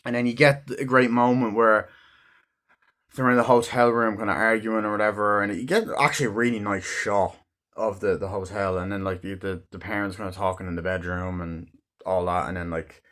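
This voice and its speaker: Speaking a little fast, this man has a lowish, fairly bright voice with little pitch movement. His casual film review wanders from scene to scene, thick with profanity and constant "like" and "um" as he loosely retells what happens.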